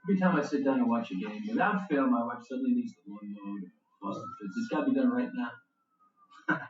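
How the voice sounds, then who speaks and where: An actor playing a dry-humored police detective, heard as a distant, roomy, dull TV track. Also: male voice, medium pitch, wildly swooping pitch, quick pace. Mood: wry. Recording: roomy, dull TV audio from far off.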